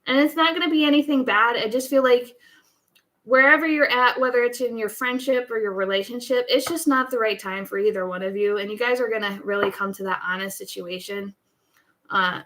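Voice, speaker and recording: A woman's voice: medium pitch, fairly even intonation, brisk, sharp tone, rough recording. A woman giving a live tarot reading in a casual, chatty way, often restarting her sentences. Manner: chatty, rambling, many restarts and laughs. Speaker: tarot reader.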